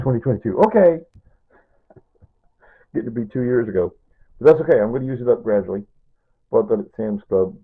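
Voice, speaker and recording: Man in his sixties, husky voice, chatty rambling cooking vlog, tinny phone-like sound. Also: medium pitch. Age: 60s. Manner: rambling and chatty, with asides and chuckles. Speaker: home cooking vlogger. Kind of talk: casual cooking demonstration.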